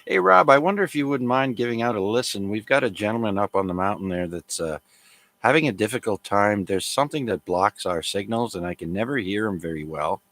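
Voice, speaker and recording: Man hosting an amateur radio net, a slightly low voice, easygoing and full of fillers. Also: brisk, no room sound. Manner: relaxed, chatty, many fillers.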